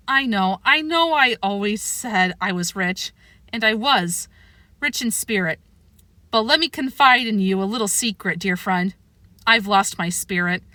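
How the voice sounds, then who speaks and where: A woman's voice: a little high, bright, forceful tone, no room sound. Woman doing a sad lonely old man. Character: old poor lonely man in nursing home.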